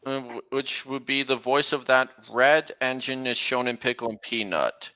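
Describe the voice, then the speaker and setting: A young man hosting a casual livestream, talking in a halting way with many restarts. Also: medium pitch, pushed and bright, muffled recording. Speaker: livestream host. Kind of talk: casual stream chat.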